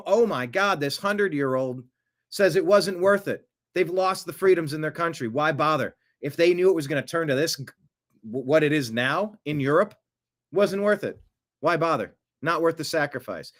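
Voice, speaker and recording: A man delivering solo political commentary, reading a transcript aloud. His voice sits a bit high for a man, and he speaks in an indignant, emphatic way, restarting words as he pushes his points. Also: lively intonation, normal speed, fairly bright tone.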